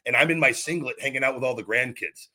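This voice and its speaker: A man in his forties, once a wrestler and now a podcast host, tells a long story in a loose, rambling way, repeating himself, restarting, and swearing now and then. His medium-pitched voice is quick, bright, and forceful.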